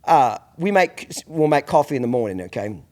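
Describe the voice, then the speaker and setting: A man's voice: mid-range voice, sing-song, normal speed, a little mellow. A middle-aged man hosting a podcast, telling blunt, profane stories in casual chat. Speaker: podcast host.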